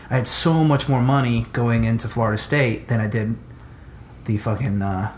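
A man's voice: mid-range voice, fairly even intonation, normal speed, slight background noise. A young man co-hosting a casual podcast chat, swearing freely, ranting and laughing often. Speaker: podcast co-host.

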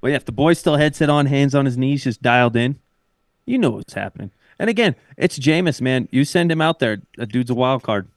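A man's voice: mid-range voice, animated, brisk, no room sound, studio quality. A man co-hosting a podcast in casual sports chat, laid-back and jokey, often saying "like". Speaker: podcast co-host.

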